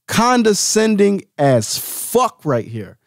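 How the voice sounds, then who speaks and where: A man hosting a solo podcast, giving a heated, profane and confrontational rant that now and then drops to a low, calm voice. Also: slow pace, no room sound, studio quality. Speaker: host.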